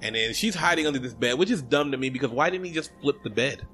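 Talking fast in a medium-pitched voice, a podcast co-host recaps a film casually in chat, acting out the characters' lines and swearing freely in an animated, profane way. Soft background music is audible.

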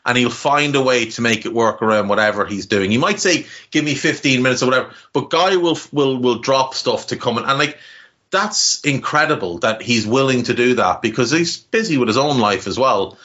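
A man's voice: mid-range voice, lively intonation, normal speed, a bit bright, dull audio. A man with a Navan accent from Ireland, hosting a casual podcast chat in a rambling, heartfelt way with casual swearing. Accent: Irish, Navan. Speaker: podcast host.

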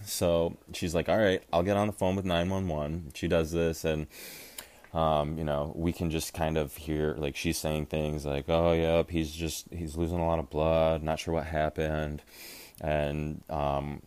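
A young man with an extremely deep, low voice tells a rowdy story on a podcast, animated and loose, full of fillers and curse words. He jumps into other people's voices as he quotes them. The sound is dry and close, with no room behind it. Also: unhurried, clean tone, no echo. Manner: animated, acts out quotes, lots of fillers and swearing. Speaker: podcast co-host. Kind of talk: casual storytelling.

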